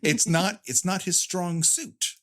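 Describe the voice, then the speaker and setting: A man's voice: sits high, slow, fairly bright tone. A man co-hosting a film podcast, wry and jokey, with stumbling restarts. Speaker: podcast co-host. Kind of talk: casual podcast chat.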